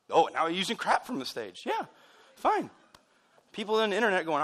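A man preaching a sermon in a church. He is excitable and wired, and he throws in joking asides. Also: high-pitched, a little fast. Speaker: pastor.

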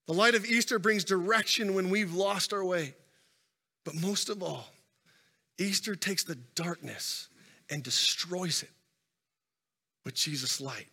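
A man's voice: sits high, bright, forceful tone. A man preaching a sermon as a pastor, telling stories with rising and falling intensity, recorded in a church sanctuary on a stage microphone. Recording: long reverb of a large hall.

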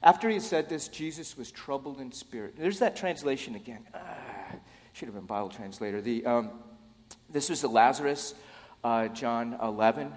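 A man's voice: mid-range voice, lively intonation, moderate pace. Guy pastor giving a sermon, chatty with jokes, big echoey church sound. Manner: casual, joking asides to the congregation. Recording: long hall reverb.

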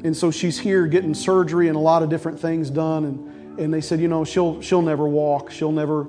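A man's voice: fairly high pitch, flat delivery, fairly quick, mellow, faint music behind. A middle-aged male pastor preaching a sermon, telling a personal story earnestly and repeating words as he builds his points.

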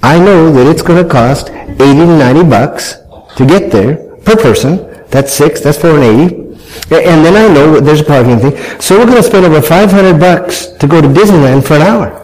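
A man's voice: a little high, lively intonation, fairly quick, darkish tone, poor audio. A man telling a humorous family story to an audience, self-mocking and acting out his family's voices.

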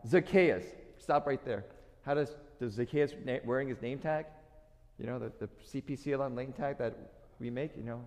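A male pastor preaches a sermon in a church, telling the story in an animated way. He keeps turning to the congregation with rhetorical questions. His mid-pitched voice carries a long reverb tail from the large hall.

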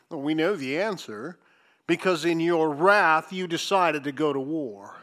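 A man preaching a sermon, reading scripture and commenting with sarcasm, swinging from loud emphasis to hushed asides. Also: a little high, animated, unhurried.

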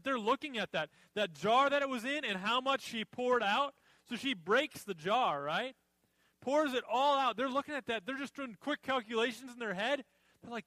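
A man's voice: extremely high pitch, bright, forceful tone, no echo, rough recording. A man preaching a sermon in a conversational way, often acting out the reactions of people in the story. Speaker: pastor.

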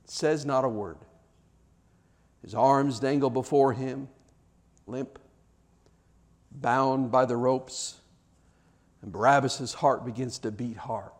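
Male preacher, high voice, dramatic sermon storytelling with big dynamic swings. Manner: dramatic, swings from loud shouts to hushed near-whispers.

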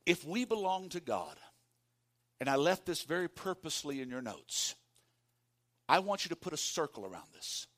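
A man preaching a sermon as pastor, calling on the congregation to repeat lines after him and swinging from hushed tones to shouts. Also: fairly high pitch, very animated, normal speed, pauses often. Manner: calls for congregation responses.

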